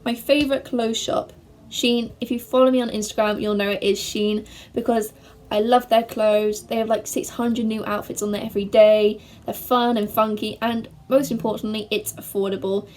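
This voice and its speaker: A young woman from England answering viewer questions in a chatty, bubbly way, speeding up when she gets excited. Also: on the high side, normal speed. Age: young adult. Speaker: vlogger. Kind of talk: casual to-camera Q&A.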